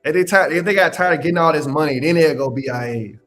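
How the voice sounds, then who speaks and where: A young man hosting a casual livestream Q&A as a mentor. He talks in an animated, slangy way, laughs often and repeats his phrases. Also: a little high, fast, faint music behind. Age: young adult. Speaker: independent adjuster mentor hosting a live Q&A.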